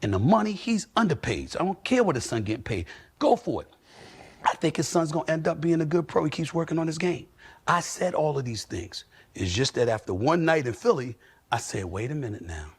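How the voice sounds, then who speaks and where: Male TV sports pundit with a husky voice; hammers points with preacher-like repetition. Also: on the high side, lively intonation, brisk. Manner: forceful, repetitive, preacherly emphasis. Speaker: sports commentator. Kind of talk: emphatic TV sports commentary.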